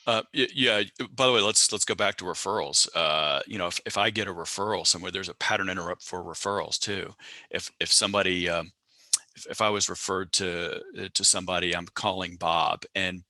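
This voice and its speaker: A man teaching sales prospecting in a webinar, speaking in a measured way and often repeating his first words. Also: low voice, bright, forceful tone, no room sound. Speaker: sales trainer.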